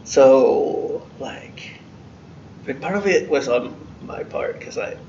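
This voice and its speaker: Man, from Florida, casual storytelling, gravelly, noisy echoey room. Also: mid-range voice, slow pace, highs cut off. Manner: animated storyteller, laughs often, says like a lot. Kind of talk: casual conversation.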